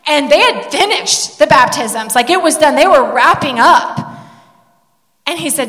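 A woman's voice: sits high, measured pace. A middle-aged woman sharing an emotional family testimony from the pulpit as part of a sermon, telling the story with feeling. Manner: emotional storytelling, animated when quoting. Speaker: pastor's wife sharing a testimony. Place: church sanctuary. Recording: long hall reverb.

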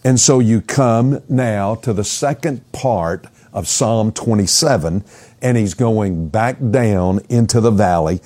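A man's voice: fairly low pitch, slow, darkish tone. A man preaching an expository sermon, earnest, asking the listeners questions and often repeating words as he goes.

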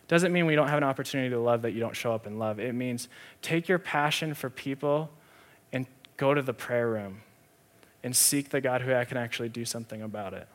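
A male pastor delivering a sermon, mixing teaching with a personal story told in an easy, conversational way, going loud at times and dropping soft at others. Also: medium pitch, fairly quick.

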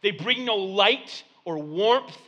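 A man's voice: sits high, expressive, slow, pushed and bright, dull audio. A man in his thirties, a pastor, preaching a sermon in a church basement and telling a story in a loose, conversational way.

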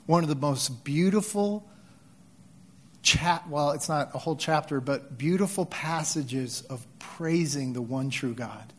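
A male pastor with a fairly high voice preaches in a relaxed, conversational way. He often restarts his sentences. Now and then his voice swells with feeling. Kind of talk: sermon.

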